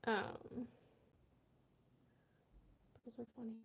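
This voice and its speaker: A woman's voice: on the high side, flat delivery, drawn-out words, creaky, husky, highs cut off. A young American woman chatting casually on a live stream, laughing hard and often, wheezing as she reads viewers' comments. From USA. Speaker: vlogger reading live chat.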